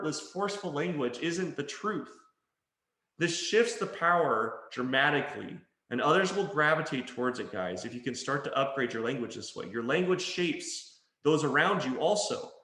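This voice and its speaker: A man's voice: on the high side, animated, normal speed, pushed and bright. A man giving a motivational talk on language, speaking emphatically, calling listeners guys and mimicking whiny complaints. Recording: echoey room.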